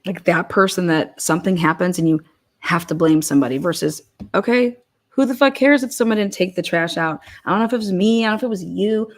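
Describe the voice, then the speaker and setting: A woman's voice: fairly low pitch, lively intonation, quick pace. A woman giving blunt, profane casual commentary, often acting out what others might say. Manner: blunt, profane, acts out people in quoted rants.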